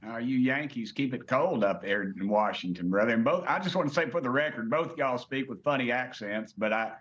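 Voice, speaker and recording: A man's voice: medium pitch, brisk, fairly bright tone, dull audio. A congressman, talking folksy and blunt in a news interview, often repeating his words.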